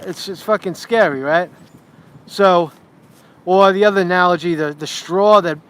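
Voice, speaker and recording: A man livestreams from a city park, talking into a handheld phone. He rambles and swears freely in an animated way, with a voice pitched a little above most men's. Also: slight background noise. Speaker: street reporter and livestream host. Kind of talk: casual livestream vlog.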